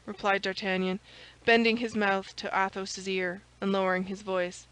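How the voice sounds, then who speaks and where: A woman reading a classic novel aloud as an audiobook narrator, in a steady, measured manner. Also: medium pitch, smooth, low-quality recording. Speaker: audiobook reader. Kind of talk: scripted narration.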